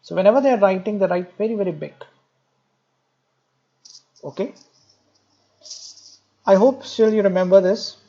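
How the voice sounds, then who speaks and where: A man's voice: high-pitched, moderate pace, pauses often, warm tone, lo-fi sound. A man giving a medical lecture, explaining step by step, repeating key terms and speaking directly to students with light jokes. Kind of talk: recorded exam-prep lecture.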